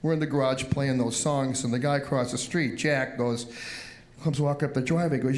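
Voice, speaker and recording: A man's voice: mid-range voice, a little fast. An older man from the Cleveland area, a musician telling childhood stories in an interview, acting out quotes as he goes. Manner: animated storyteller, acts out quotes. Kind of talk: storytelling interview.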